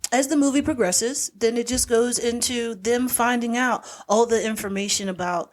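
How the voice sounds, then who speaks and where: A woman's voice: on the high side, normal speed. A woman, co-hosting a podcast and recapping a movie in casual chat, acting out the characters' lines as she goes. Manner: animated storyteller, acts out characters' lines. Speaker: podcast co-host.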